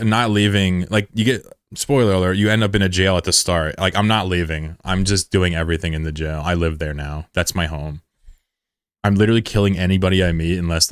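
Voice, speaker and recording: A man's voice: low voice, smooth, no echo, clean studio sound. A young man streaming and chatting casually with viewers, joking and swearing loosely as he talks. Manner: loose, profane, joking banter. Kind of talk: casual live-stream chat.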